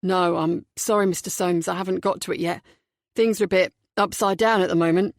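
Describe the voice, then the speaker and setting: A woman's voice: on the low side, steady tone, no echo, clean studio sound, close to an everyday voice. A woman doing a flustered young businessman. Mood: harried. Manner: apologetic, shaken and hurried. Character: nervous young male company director, flustered. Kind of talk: audiobook character voicing.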